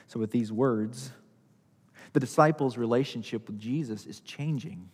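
A man's voice: mid-range voice, normal speed, slightly rough, in a large hall. A male pastor preaching a sermon, repeating key phrases for emphasis.

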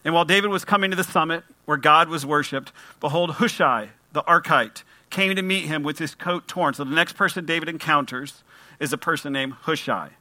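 A man's voice: a little high, brisk, bright, forceful tone, no echo. A man preaching a sermon, speaking conversationally and reading scripture aloud with emphasis. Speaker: pastor.

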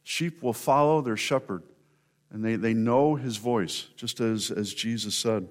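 A man's voice: fairly low pitch, unhurried. A man preaching a sermon, telling stories in a conversational way and speaking directly to members of the congregation. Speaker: pastor.

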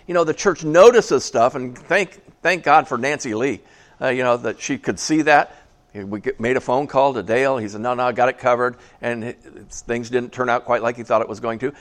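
A man preaching a casual sermon to a small church, chatty and joking, asking the congregation questions. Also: medium pitch. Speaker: pastor.

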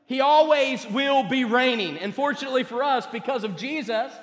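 A man preaching a sermon as pastor, emphatic, repeating words and swinging between loud and soft passages. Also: extremely high pitch, normal speed. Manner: emphatic, with repeated words and rising and falling delivery. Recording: echoey hall with long reverb.

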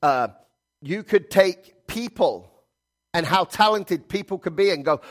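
A man's voice: expressive, measured pace. Emphatic middle-aged man preaching. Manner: emphatic, repetitive, swinging between loud stresses and low asides. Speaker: pastor. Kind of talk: sermon.

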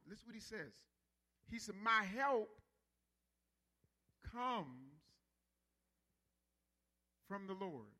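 Male pastor, high bright voice, sermon that builds to emphatic stretched-out words. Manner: preaching with rising intensity, drawn-out emphasis.

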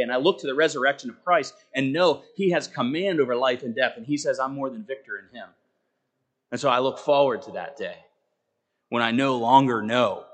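An earnest man preaching a sermon at a middle pitch. He leans hard on key words, then drops almost to a hush. Now and then he breaks into casual asides to the congregation. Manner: earnest, emphatic, rising and falling with dramatic swings in volume.

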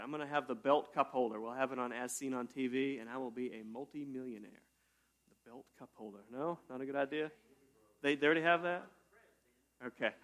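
Joking pastor preaching a casual sermon. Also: male voice, mid-range voice. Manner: casual and joking, with sudden loud bursts. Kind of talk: conversational sermon.

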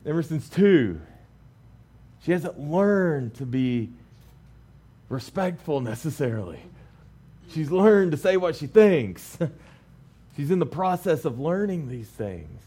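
A man in his thirties preaching a sermon, alternating lively, laughing storytelling with calm scripture reading. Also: fairly high pitch, slow pace, pauses often, slightly rough. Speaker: pastor.

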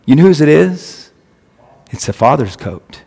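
A man's voice: a little high, sing-song, a little slow, creaky, darkish tone, husky. Man preaching in a reverberant church. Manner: emphatic, repeats phrases for stress. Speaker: pastor. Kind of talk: sermon. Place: church sanctuary. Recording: long reverb of a church hall.

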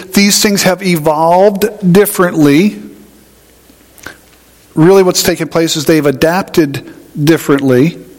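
A man's voice: high-pitched, fairly even intonation, takes it slowly, pauses often, in a large hall. A man preaching a sermon in a conversational, folksy way, telling homey stories. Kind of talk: sermon teaching.

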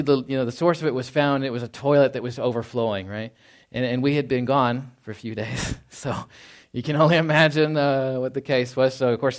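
Chatty pastor from Texas, preaching. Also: male voice. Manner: conversational, keeps asking "right?"; acts out quoted lines in a low, quiet voice. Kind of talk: sermon.

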